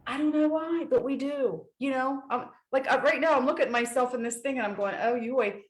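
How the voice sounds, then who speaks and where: Lively woman guest, echoey room. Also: high-pitched, fairly quick. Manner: lively storyteller, acts out quoted voices. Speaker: podcast guest. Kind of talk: casual chat.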